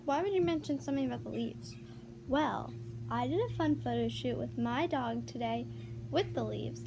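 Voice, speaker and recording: A young woman talks straight to her viewers in a bubbly, chatty way, her voice sitting high. There is clear noise under the home video recording. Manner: bubbly and chatty, with little laughs and sighs. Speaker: vlogger. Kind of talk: casual vlog chat.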